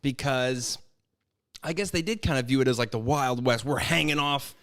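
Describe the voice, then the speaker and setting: A man with a mid-pitched voice co-hosting a casual podcast. He rambles and riffs freely, swearing often. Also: moderate pace, fairly bright tone. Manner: rambling, profane, riffing. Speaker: podcast co-host. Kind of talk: casual chat.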